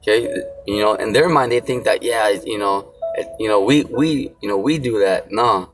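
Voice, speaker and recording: A man's voice: lowish voice, normal speed, background noise. A man preaching a casual sermon, rambling with lots of fillers and blunt slang. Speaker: street preacher. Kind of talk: casual sermon with scripture reading. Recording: music playing behind.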